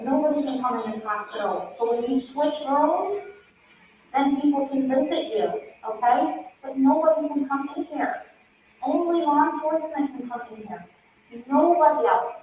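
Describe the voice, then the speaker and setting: A woman speaks gently and coaxingly, urging someone to breathe in short repeated phrases, her voice sitting a little high. The bedside recording is distant and echoey, muffled, with faint noise behind it. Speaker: investigator interviewing a hospital patient. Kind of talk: bedside interview recording played in court. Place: hospital room.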